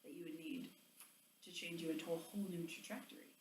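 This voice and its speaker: A woman giving a motivational sales training talk, chatty and animated, full of "like"s and acted-out quotes. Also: lowish voice, fast talker. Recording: roomy echo, distant mic, faint ambience.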